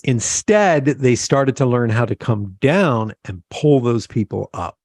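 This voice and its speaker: A male host with a middle pitch tells a story with animation and lively acted-out quotes. The recording is dry, with no room sound. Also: measured pace, no echo. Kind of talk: interview conversation, storytelling.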